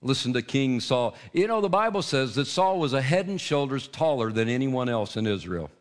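A male preacher giving an impassioned sermon to men, swinging from soft asides to loud, rising declarations. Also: medium pitch, sing-song, moderate pace.

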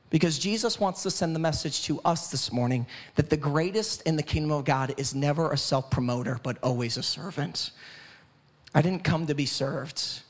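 High-voiced preaching male pastor. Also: lively intonation, brisk. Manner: preaching with rhythmic lists and audience questions. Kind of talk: sermon. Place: church.

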